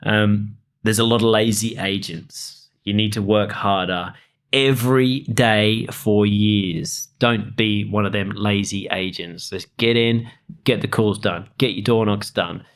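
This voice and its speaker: A man co-hosting a podcast, giving casual motivational advice to real estate agents. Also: lowish voice. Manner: motivational, peppered with "you know" and laughs.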